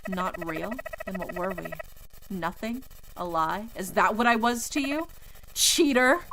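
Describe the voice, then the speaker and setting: A woman's voice: mid-range voice, expressive, measured pace, noisy background, lightly acted. A woman voicing the bitter ghost of a dead husband who accuses his spouse of forgetting him. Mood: accusing.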